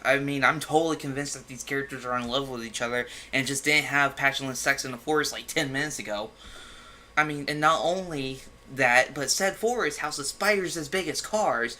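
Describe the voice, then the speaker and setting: A man's voice: mid-range voice, bright, forceful tone, slight background noise. A man reading a bad fan fiction aloud with mocking, exasperated commentary and sudden outbursts. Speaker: comedic fan fiction reader. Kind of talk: sarcastic dramatic reading with commentary.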